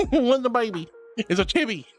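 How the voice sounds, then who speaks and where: A man's voice: very high-pitched, sing-song, normal speed, soft background music. A man streaming and reading out chat messages in a playful, giggly, affectionate way. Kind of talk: casual chat. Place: home streaming setup.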